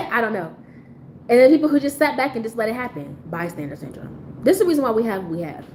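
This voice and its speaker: A woman on a live stream delivers a blunt, profane commentary rant in a fairly high voice. Her pitch swings widely as she presses her point with disbelief. A faint noise sits under the recording. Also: darkish tone, low-quality recording.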